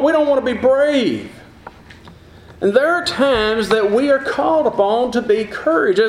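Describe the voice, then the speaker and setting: Man, preacher, sermon, earnest repetition, high voice, roomy echo. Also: slight background noise. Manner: earnest, repetitive rhetorical build-ups.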